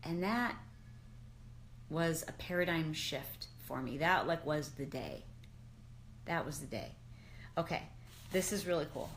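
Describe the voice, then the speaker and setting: A middle-aged woman on a casual live chat, excited and exclamatory, slipping into slangy asides. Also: sits low, measured pace, pauses often, a little hiss or hum. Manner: animated and exclamatory, often says "dude". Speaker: fitness and lifestyle expert.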